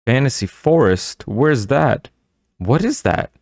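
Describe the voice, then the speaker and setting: A man's voice: mid-range voice, expressive, slow pace, a little mellow, no room sound, studio quality, voice pushed up. A man voicing a nervous young boy asking anxious, startled questions in an audiobook. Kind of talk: audiobook character voice.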